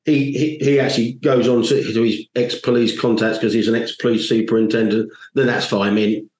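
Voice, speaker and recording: A man's voice: medium pitch, level tone, fairly quick, a little mellow, reverberant, low-quality recording. A man on a panel, blunt and jokey, giving strong opinions and swearing casually.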